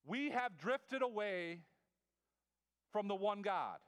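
A bold, confident male prophet, as a preacher puts him on, who lays down a challenge in slow, emphatic declarations. The voice is high and smooth. It rings out in a large hall with a long reverb. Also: big pitch swings, fairly bright tone, exaggerated voice. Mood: bold challenging.

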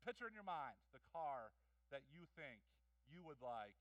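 Animated high-voiced male pastor. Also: moderate pace, no echo, recorded from a distance, rough recording. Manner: animated storytelling with jokes and acted-out voices. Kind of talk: sermon. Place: church hall.

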